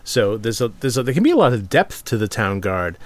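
A man's voice: lowish voice, sing-song, a little fast. A man in casual chat about tabletop role-playing, agreeable, chiming in often and laughing easily.

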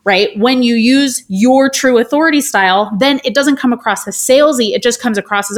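A woman with a somewhat high voice talks through a framework as a podcast guest. She is animated and theatrical, acting out quick voices to make her points. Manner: animated, theatrical, does voices when quoting. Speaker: guest speaker. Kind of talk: podcast interview, explaining a framework.

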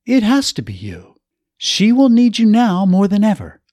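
A man's voice: high-pitched, normal speed, a little mellow, no room sound, voice pushed up, lightly acted. A man voicing an older woman who earnestly urges a grieving man to stay strong. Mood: imploring. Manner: earnest, imploring, insistent. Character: older woman, firm and caring mentor.

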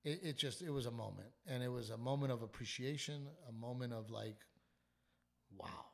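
A man who hosts a podcast, worn down by illness and lost sleep, tells a wild story in casual chat. He swears freely, trails off and restarts his sentences. His voice sits at an ordinary middle pitch. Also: fast talker, vocal fry. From South Texas. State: sick, short on sleep. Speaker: comedian and podcast host.

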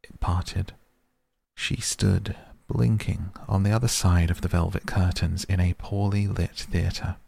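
A man reading a storybook aloud at a slow, measured pace. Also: low-pitched, fairly even intonation, gravelly, warm tone, breathy edge. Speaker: narrator.

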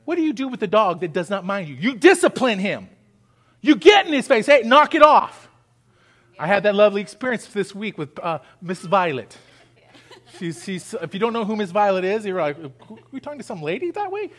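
High-voiced male pastor preaching. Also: big pitch swings, a little fast. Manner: preaching with rising intensity and call-and-response; acts out pleading voices. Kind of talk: sermon.

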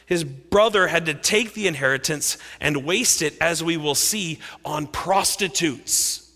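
Bright, animated male preacher in a hall. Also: a little high, measured pace. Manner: expressive, dramatic storytelling with big swings in loudness. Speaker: pastor. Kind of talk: sermon. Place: church sanctuary. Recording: echoey hall reverb.

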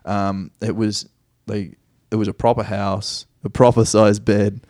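Low-voiced New Zealand man telling stories. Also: flat delivery, measured pace, a little mellow, no room sound, studio quality. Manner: rambling, self-correcting anecdotes with easy laughs. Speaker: guest soccer player. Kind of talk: casual podcast storytelling.

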